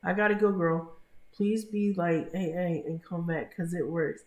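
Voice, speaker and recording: A woman hosting a casual live-stream gossip commentary, chatting to viewers in the chat by name with drawn-out asides. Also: fairly low pitch, fairly even intonation, darkish tone.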